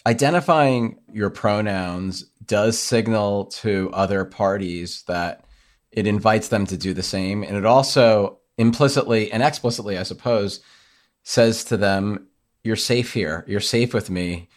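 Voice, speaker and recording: Slow, thoughtful male interviewer. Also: fairly low pitch. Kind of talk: reflective interview questions.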